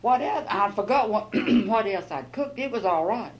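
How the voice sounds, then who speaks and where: A woman's voice: medium pitch, moderate pace, lo-fi sound. An older woman, telling a rambling, folksy life story as an oral history interviewee. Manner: folksy, rambling, quotes others in lively bursts.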